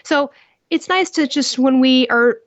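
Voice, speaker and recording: A woman's voice: sits high, a little slow, no room sound. Blunt, emphatic woman podcast guest. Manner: emphatic, blunt storytelling with rhetorical questions. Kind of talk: animated interview talk. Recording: muffled dry podcast audio.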